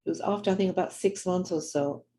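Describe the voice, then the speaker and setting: Her voice fairly low and warm, this older London-raised woman speaks quickly in a London English accent, the audio poor. As a Jewish women's teacher and speaker, she earnestly shares personal stories and acts out those she quotes.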